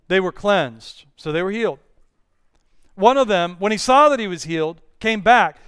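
A male pastor preaching an earnest, measured sermon with Bible readings. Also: sits high, fairly bright tone, clean tone, no echo, studio quality.

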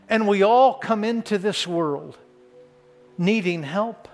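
A man's voice: high voice, slow pace, faint music behind. An older man preaching a sermon to a congregation, earnest and building to fervent emphasis on key lines. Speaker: pastor.

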